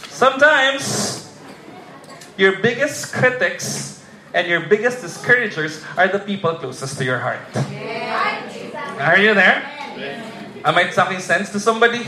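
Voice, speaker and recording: A Filipino man preaches an animated, humorous sermon in a fairly high voice. He keeps prompting the congregation for a response. The sound is roomy and echoey, with a crowd audible in the church. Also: a little slow, long pauses. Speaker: pastor.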